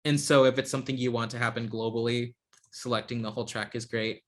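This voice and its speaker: A man teaching an online software class over a video call, talking in a hesitant way with many ums and restarts. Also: medium pitch, little pitch movement, fast talker. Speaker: instructor.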